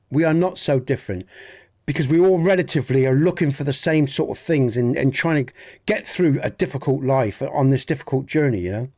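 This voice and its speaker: A slightly high, slightly mellow male voice. An Englishman with a Southwest English Dorset accent streams a game, chatting earnestly and at rambling length with his viewers, often restarting sentences and swearing mildly.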